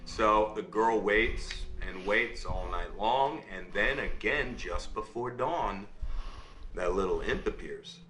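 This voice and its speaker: A man acting a father in a game, telling a fairy tale as a bedtime story with quick asides to his listener. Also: on the low side, pushed and bright, reverberant, a little hiss or hum, rough recording.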